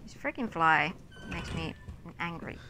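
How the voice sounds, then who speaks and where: A woman's voice: sits low, sing-song, measured pace, noisy background. A woman giving casual, exasperated commentary while playing a video game, talking to the enemies on screen. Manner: chatty, exasperated, talks to enemies. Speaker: gamer.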